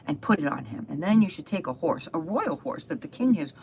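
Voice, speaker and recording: A woman's voice: low voice, very animated, a little fast, gravelly, a little mellow, a little hiss or hum, heavily acted. A woman voicing a pompous, scheming male royal official who speaks in a self-important way.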